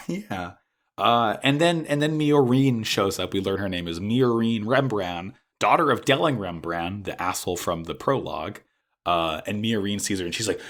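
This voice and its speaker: Chatty low-voiced guy recapping a show. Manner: animated, swears freely, acts out characters' lines in quick bursts. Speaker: podcast co-host. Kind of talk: casual chat recapping an anime episode.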